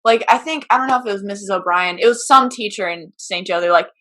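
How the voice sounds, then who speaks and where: A woman's voice: mid-range voice, fast, sharp tone. A woman from Texas with a Southern accent, chatting casually as a podcast guest and using lots of "like" fillers. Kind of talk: casual chat.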